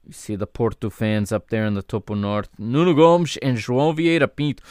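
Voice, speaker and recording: A man's voice: mid-range voice, expressive, moderate pace, hardly any pauses, darkish tone, no room sound, studio quality. A man hosting a podcast, giving chatty, easygoing watchalong commentary on an old football match and correcting himself as he goes. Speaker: podcast host.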